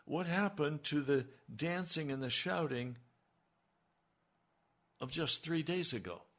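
Slow, emphatic male preacher. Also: a little high, animated, a bit bright. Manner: slow and emphatic, rising on key lines. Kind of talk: radio sermon.

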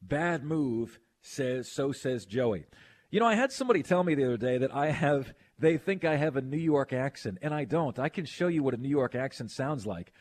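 Radio host guy, talks fast when he gets going, gets loud and high when he protests, reads out texts. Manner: animated, quick to protest, reads listener texts aloud. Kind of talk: casual sports radio chat.

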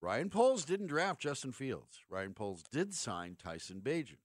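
A middle-aged man rants through a sports radio segment, sarcastic and emphatic, stacking up rhetorical questions. His voice sits at an ordinary pitch. The sound is dry, with no room echo. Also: very animated, a little slow. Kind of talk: opinionated sports talk radio rant.

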